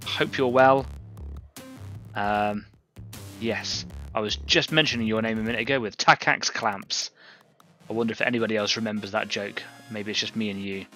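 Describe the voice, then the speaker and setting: Man, live stream host, bright voice, chatty and rambling, faint music behind. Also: on the low side, steady tone, normal speed. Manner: chatty, rambling, greets viewers from chat. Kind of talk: casual live-stream chat while working.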